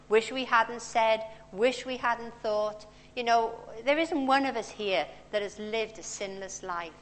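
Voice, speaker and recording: With a fairly bright voice on the high side, a woman shares personal anecdotes as she preaches in a relaxed, storytelling way. She's in a large church hall using a handheld or stand mic, and the sound has a long reverb.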